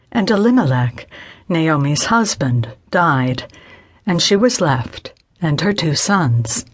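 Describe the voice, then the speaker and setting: A woman narrates scripture in an unhurried, solemn audiobook delivery. Her voice sits a little low and carries a soft, breathy huskiness. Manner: measured, solemn reading.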